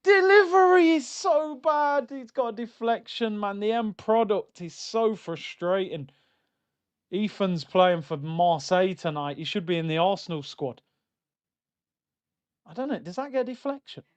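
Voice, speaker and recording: A young man reacting live to a football match on stream, swinging between loud outbursts and low muttering. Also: normal speed, smooth. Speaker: watchalong streamer.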